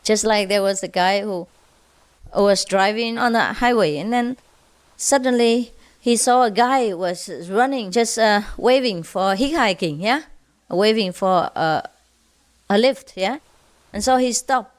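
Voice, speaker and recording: A woman's voice: mid-range voice, measured pace. A woman spiritual teacher telling humorous stories to a group, playful and often laughing. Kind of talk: humorous storytelling lecture.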